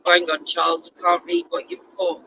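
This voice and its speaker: A woman's voice: on the low side, monotone, fairly quick, vocal fry, dull audio. A woman, chatting casually and teasing herself during a road trip, recorded in a moving car. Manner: chatty, self-mocking. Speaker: vlogger. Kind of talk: casual chat. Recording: car noise in background.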